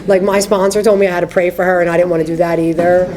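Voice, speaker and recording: Talking very fast in a lowish, mellow voice with a level tone, this American woman in her thirties tells her AA recovery story. She is frank and chatty, frequently adding "you know what I mean," over a faint hiss or hum.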